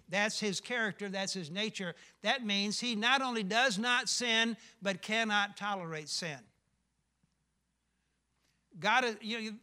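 A man's voice: high-pitched, sharp tone. An older male pastor preaching a sermon, emphatic, often asking the congregation questions.

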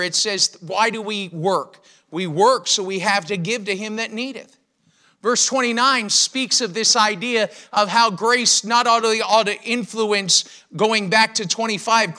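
A middle-aged male pastor delivers a sermon with emphatic conviction, often turning to rhetorical questions. His voice sits high for a man and cuts through with a bright, forceful edge.

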